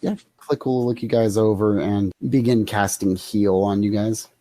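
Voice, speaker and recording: A woman narrating calmly as game master of a tabletop game. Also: rumbling low, normal speed, no echo.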